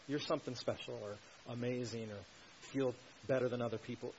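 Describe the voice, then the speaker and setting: Preacher, male, mid-pitched, punches key words, muffled recording with faint hiss. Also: fairly quick. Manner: emphatic, swells to loud stresses, asks rhetorical questions. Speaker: pastor. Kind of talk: expository sermon.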